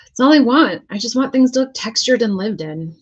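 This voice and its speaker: A woman's voice: on the high side, lively intonation, fairly quick, breathy edge, highs cut off. An American woman casually talking herself through painting a prop, chatty and joking as she works. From United States. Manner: chatty, self-talking while working, jokey asides. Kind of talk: casual crafting vlog talk.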